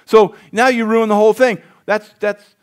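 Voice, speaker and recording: Male pastor, higher-pitched voice, folksy sermon delivery with call-outs to the congregation. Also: steady tone, moderate pace, clear, resonant tone. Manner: folksy, asks the congregation for responses.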